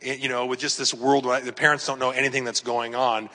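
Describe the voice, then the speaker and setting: A man's voice: medium pitch, flat delivery, brisk, pushed and bright. A man in his fifties, a pastor giving a chatty, emphatic sermon full of personal stories and rhetorical questions. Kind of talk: conversational sermon. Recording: long hall reverb.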